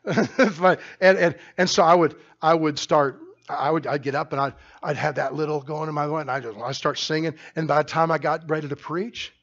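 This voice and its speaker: A middle-aged man, the pastor, preaching a sermon loudly and emphatically, often restarting his sentences. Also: a little high, dull audio. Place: church sanctuary.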